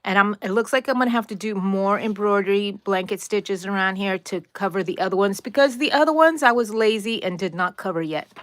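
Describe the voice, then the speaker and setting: A woman's voice: mid-range voice, fairly quick, hardly any pauses, dry recording, studio quality. A woman hosting a crochet live stream, chatting playfully, laughing often and greeting viewers by name. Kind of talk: casual live-stream chat.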